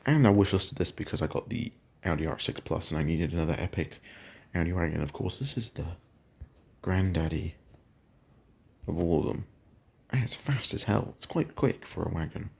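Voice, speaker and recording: A low-pitched man with a rough, gravelly edge talks loosely through a game. He rambles and keeps catching and correcting his own slips. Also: moderate pace, a little mellow. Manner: rambling, self-correcting, chatty. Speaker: gaming channel host. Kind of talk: casual game commentary.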